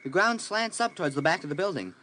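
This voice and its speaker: A man's voice: sits high, lively intonation, fast, bright, forceful tone, a little hiss or hum. An actor playing a proud, determined crippled young man in a radio drama, talking earnestly and stubbornly. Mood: eager.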